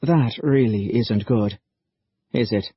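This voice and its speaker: A man's voice: fairly low pitch, slow pace, husky, dry recording. A male narrator voicing a curious young man who speaks earnestly and asks questions. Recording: muffled dull recording.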